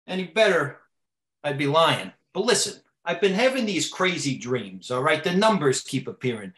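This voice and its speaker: A man's voice: a little high, expressive, moderate pace, a bit bright. A man playing a brash, rambling tough-guy co-host with a mobster swagger. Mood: boastful. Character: brash rambling male mob-style co-host. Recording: roomy echo.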